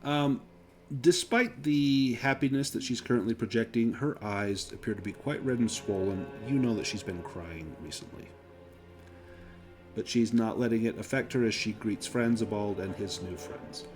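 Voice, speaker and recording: A man narrating a tabletop role-playing game as game master, descriptive and unhurried, pausing with fillers. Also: on the low side, over music.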